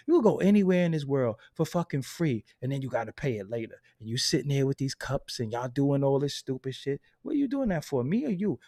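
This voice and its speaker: A man hosting a hip hop commentary channel, delivering a loud, profane, unfiltered rant and laughing at his own points. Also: a little high. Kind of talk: unfiltered ranting monologue.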